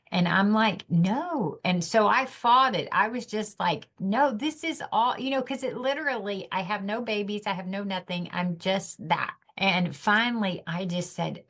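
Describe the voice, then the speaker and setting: A woman's voice: mid-range voice, normal speed, few pauses, fairly bright tone. A middle-aged woman, a podcast guest, telling her personal story of loss in an earnest, emotional, reflective way.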